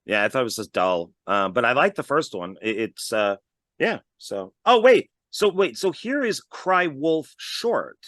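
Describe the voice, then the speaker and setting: A man with a bright, sharp, lively voice hosts a casual interview, eagerly bringing up films from his own collection. The sound is dry and close, with little room. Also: medium pitch, measured pace, no room sound. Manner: enthusiastic fan, asks about films he owns. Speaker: interview host.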